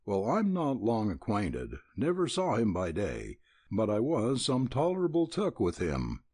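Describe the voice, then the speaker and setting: A man's voice: on the low side, wildly swooping pitch, measured pace, darkish tone, dry recording, clean studio sound, exaggerated voice. A man voicing a talkative, boastful young with an in an audiobook. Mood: folksy. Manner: drawling, folksy.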